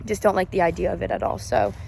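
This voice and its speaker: An eighteen-year-old woman who keeps cattle as a hobby vlogs from a cattle pen outdoors, filming on a handheld phone as she chats, rambles and corrects herself. Her medium-pitched voice is quick, fairly even, darkish and fry-tinged, with a little hiss or hum.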